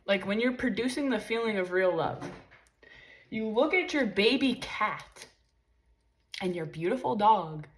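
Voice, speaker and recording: A woman's voice: medium pitch, expressive, measured pace, long pauses. Frank, chatty young woman vlogging. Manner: frank, profane, chatty with many fillers. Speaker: spiritual vlogger. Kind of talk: casual rambling monologue.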